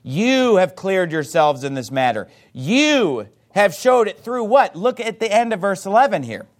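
A man preaching a sermon, reading scripture and acting out quoted voices with lively energy. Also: high-pitched, a little slow. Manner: animated, acts out quoted voices.

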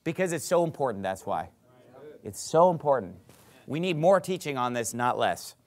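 A man, a pastor, preaching a sermon and reading scripture aloud. He talks emphatically, repeats his points, and builds to loud peaks. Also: mid-range voice, sing-song, normal speed. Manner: reads scripture aloud in King James wording.

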